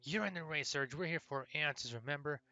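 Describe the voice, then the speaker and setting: A man's voice: on the high side, brisk, pushed and bright. A man voicing a brash, impatient young female thief who talks bluntly and pushes others along.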